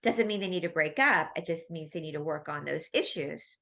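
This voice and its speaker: Woman, interview guest, bright forceful voice, lowish pitch, rambling animated storytelling. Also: fairly quick. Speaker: guest, medical intuitive medium.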